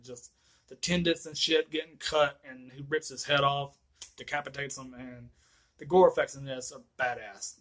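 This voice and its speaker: A man giving a casual, profanity-filled movie review rant, excitable and quick to laugh. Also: medium pitch, poor audio. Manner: excitable, swears constantly, laughs often.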